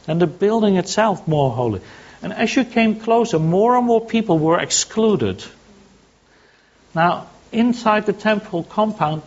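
A man's voice: fairly high pitch, a little mellow, lo-fi sound. A man preaching a sermon, teaching by asking questions and answering them himself. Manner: teaching, asks and answers his own questions.

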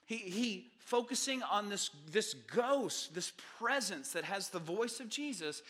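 A male pastor delivers a sermon in a high, forceful voice. He tells the story with animated asides, jokes and acted-out voices. His tone is bright and carries well. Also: unhurried. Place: church sanctuary.

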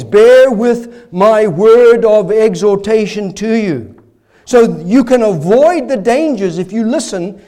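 High-voiced earnest male preacher. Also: warm tone. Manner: earnest, emphatic, rhetorical questions. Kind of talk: expository sermon.

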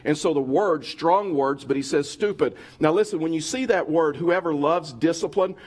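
A man's voice: a little high, normal speed, darkish tone. A middle-aged man preaching a sermon as a pastor at a church service. He speaks earnestly and directly to his listeners, often restarting his phrases.

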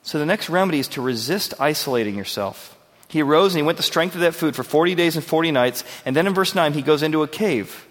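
A man's voice: fairly high pitch, animated, fairly quick, a bit bright, in a large hall. A male pastor preaching a verse-by-verse sermon in an earnest, conversational way, asking his listeners questions.

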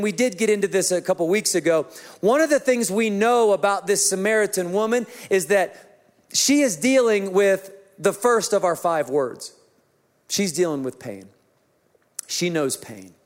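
Brief: Male pastor, higher voice, joking storyteller in the pulpit. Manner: humorous, self-mocking storytelling. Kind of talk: sermon.

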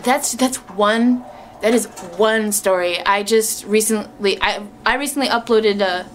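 A Christian speaker, a woman with a medium-pitched voice, shares a faith testimony at a slightly slow pace. She's emotional and exclamatory, tearful at moments, with music underneath and slight background noise.

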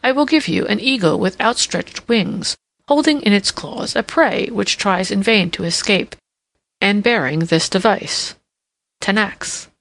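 A woman's voice: medium pitch, a little slow. A woman voicing a jovial, teasing old king. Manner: lively, mocking, fond of puns and learned quips. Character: elderly male king, jovial, teasing, self-assured.

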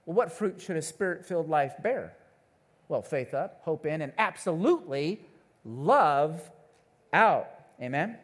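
A man preaching a sermon, telling a family story in a playful, animated way and checking in with the congregation as he goes. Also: on the high side, a little slow. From Missouri, USA. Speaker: pastor.

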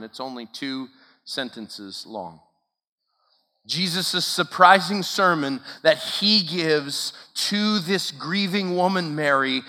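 A man's voice: mid-range voice, bright, forceful tone. A man preaching a sermon as a camp speaker, driving his points home with emphatic, repeated phrases. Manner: emphatic, repetitive preaching cadence. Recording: long hall reverb.

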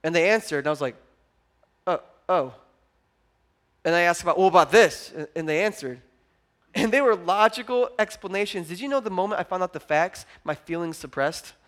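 High-voiced animated male pastor preaching. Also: fairly quick. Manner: animated preaching, swings from loud emphatic to quiet and low; conversational, acts out quoted voices. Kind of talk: sermon.

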